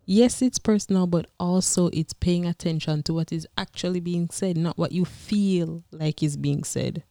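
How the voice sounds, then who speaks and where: A woman's voice: on the low side, moderate pace, vocal fry, mellow, no room sound, studio quality. A woman co-hosting a casual couple's podcast, earnest and explaining her view at length. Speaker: podcast co-host.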